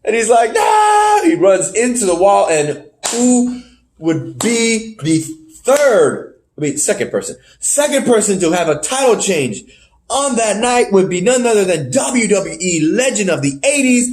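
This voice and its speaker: Male podcast co-host with a high voice, loose rambling recap delivery. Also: big pitch swings, a little slow, darkish tone. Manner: rambling play-by-play recap with fillers and laughs. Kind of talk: casual wrestling recap chat.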